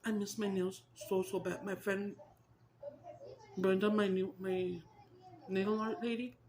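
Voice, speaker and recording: Woman vlogger, mid-pitched, laughs through her stories, drops Spanish words. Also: level tone, a little slow, a little mellow, a little hiss or hum. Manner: giggly, breaks into laughter, mixes Spanish into English. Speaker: mukbang vlogger. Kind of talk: casual chat to viewers.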